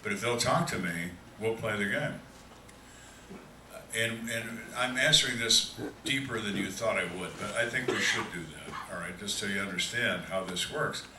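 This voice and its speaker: A man's voice: lowish voice, moderate pace, background noise. An older man, a retired detective, speaking plainly to an audience at a question-and-answer session. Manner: dry, plainspoken storyteller acting out quoted voices. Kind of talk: storytelling Q&A talk. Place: large hall on a cruise ship. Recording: echoey hall from far off.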